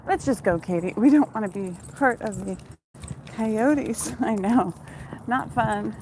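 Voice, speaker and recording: A woman's voice: medium pitch, unhurried, darkish tone, a little hiss or hum, low-quality recording. A woman talking casually while walking her dog outdoors at night, chatty and swearing now and then, recorded on a phone. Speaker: vlogger and former TV costumer. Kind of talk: casual chat while walking dog, reading viewer questions. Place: outdoors on a town street at night.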